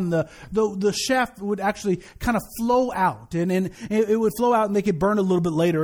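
A man with a notably high voice delivers a sermon as pastor of his congregation. He talks casually, stumbling over words and restarting often. He drops light joking asides into his teaching. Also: darkish tone.

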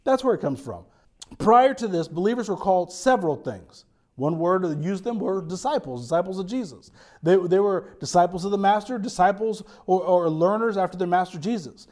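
A pastor giving an animated sermon to his congregation, with frequent restarts and quick asides. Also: high voice.

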